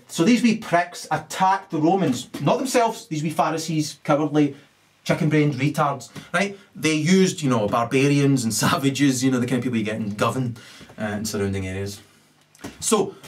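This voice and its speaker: A man rants into the camera, swearing freely and tagging nearly every point with a questioning "right?". His voice sits fairly high for a man and leaps sharply up and down as he builds his case. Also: fairly bright tone. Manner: ranting, sweary, keeps asking "right?", big swings in pitch. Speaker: video ranter. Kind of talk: angry profane monologue.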